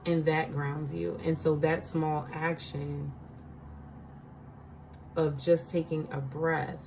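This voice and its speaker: A woman's voice: deep voice, little pitch movement, takes it slowly, creaky, a little mellow, a little hiss or hum, rough recording. A woman giving a casual spiritual card reading, chatty, laughing often and checking in with her listeners.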